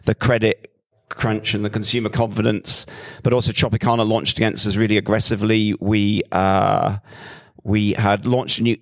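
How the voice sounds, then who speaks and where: A middle-aged man, a company founder, telling his story in a lively, self-mocking way with frequent restarts. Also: lowish voice, moderate pace. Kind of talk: conversational storytelling talk.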